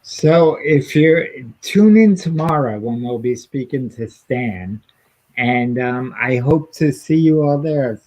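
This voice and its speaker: A man's voice: mid-range voice, lively intonation, takes it slowly, a little mellow, rough recording. Easygoing man chatting on a podcast. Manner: earnest, easygoing, with fillers. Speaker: podcast co-host and stand-up comedian. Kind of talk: casual podcast chat.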